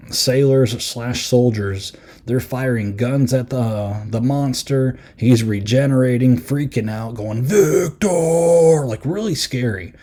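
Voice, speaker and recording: Casual man with a dark, mellow voice. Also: medium pitch. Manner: rambling, many fillers, acts out quotes. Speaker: podcast host reviewing a film. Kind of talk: casual spoken film review.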